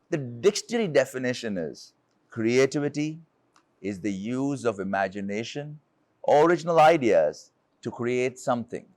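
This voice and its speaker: A man's voice: medium pitch, expressive, moderate pace, a little mellow, dry recording. A man from India, giving an earnest motivational talk as a leadership speaker, telling a personal story and asking rhetorical questions.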